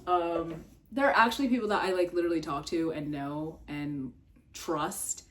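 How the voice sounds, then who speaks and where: A young adult woman vlogging in a casual, rambling way, full of fillers and swearing, jumping up in pitch when exasperated. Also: moderate pace. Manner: filler-heavy, swears, trails off and restarts.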